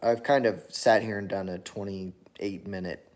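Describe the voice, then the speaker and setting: A man's voice: deep voice, fairly even intonation, unhurried, a little mellow. A tired man talking on his own channel in a casual, rambling monologue, full of fillers and restarts. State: tired after a long workday. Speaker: channel host.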